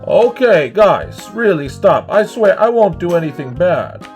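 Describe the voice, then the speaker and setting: A man's voice: high-pitched, very animated, a little slow, darkish tone, soft background music. A man voicing a boastful, chatty male supervillain in a game roleplay, theatrical and sarcastic, complaining at length. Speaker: roleplay host. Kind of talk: Minecraft roleplay voice acting.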